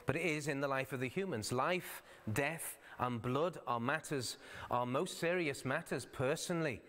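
A man's voice: mid-range voice, moderate pace, a bit bright. Man, pastor, sermon, conversational explanatory delivery, old-fashioned scripture readings, church sanctuary with long reverb.

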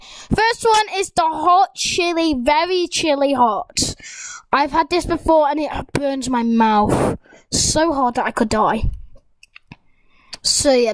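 Young gamer girl, high-pitched and dry-miked, excitable rambling game commentary to viewers. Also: no echo, low-quality recording. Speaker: gaming YouTuber. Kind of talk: casual gameplay commentary.

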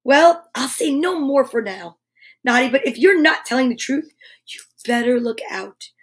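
Officious storybook toy policeman read by a woman, stern, light husky voice. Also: sits high, expressive, normal speed. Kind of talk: children's storybook read-aloud.

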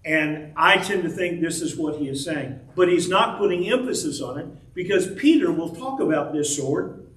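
A man's voice: fairly high pitch, animated, normal speed, fairly bright tone. A man teaching a casual Bible class, talking conversationally and acting out the quoted speech in the story. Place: church classroom. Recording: roomy, distant mic, faint room noise.

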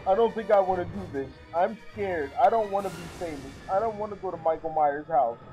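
A man's voice: high voice, a little fast, mellow, soft background music, close to an everyday voice, rough recording. A man quoting a shy, scared young woman in a timid, whiny tone.

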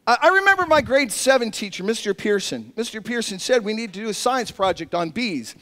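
A male pastor preaching a sermon, telling animated stories with self-mocking humor. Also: high voice, fairly quick, in a large hall.

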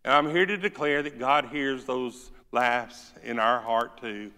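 A man's voice: medium pitch, fairly even intonation, unhurried, bright, forceful tone. A man preaching a sermon with a Southern accent, folksy and joking, reading scripture with rising force. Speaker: pastor. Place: church sanctuary. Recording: church hall reverb.

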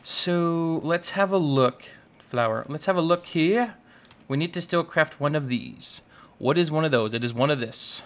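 A man's voice: fairly high pitch, unhurried. A young man doing casual, playful commentary on his own gameplay, scolding the animals in the game and muttering to himself as he plays. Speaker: gaming YouTuber. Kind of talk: casual Let's Play commentary.

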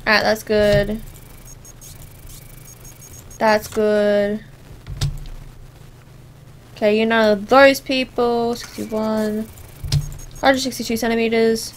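Woman, let's play commentary, sarcastic, animated, slightly high voice, faint background hiss. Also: slow, pauses often, poor audio. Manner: sarcastic, animated, talks to the characters. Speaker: gameplay commentator.

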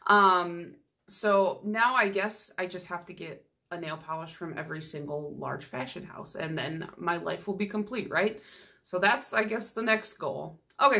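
A woman's voice: medium pitch, pushed and bright. A young woman hosting a nail polish channel, chatting casually and teasing herself with playful exaggeration. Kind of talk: casual vlog chat.

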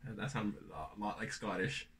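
A man's voice: fairly low pitch, steady tone, brisk, fairly bright tone. A man co-hosting a casual beer tasting chat, making teasing, wry asides. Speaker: beer show co-host.

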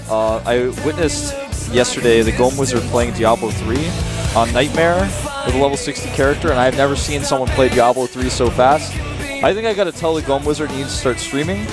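A man commentating live esports as a caster, excitable and hyping up the viewers. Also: mid-range voice. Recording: broadcast booth with loud game music. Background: game music.

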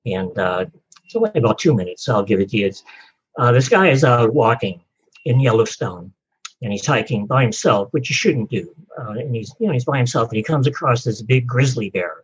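Guest author, male, husky and easygoing, slightly muffled recording. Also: medium pitch, fairly quick. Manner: relaxed storytelling, frequent uh fillers. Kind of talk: podcast interview.

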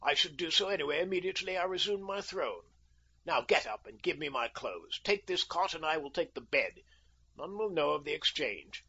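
A man's voice: very animated, normal speed, gravelly, sharp tone, slightly rough, heavily acted. A man playing an indignant deposed king. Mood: haughty, testy. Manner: shrill and indignant when angered. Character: proud, testy wounded deposed male king. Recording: dull lo-fi audio.

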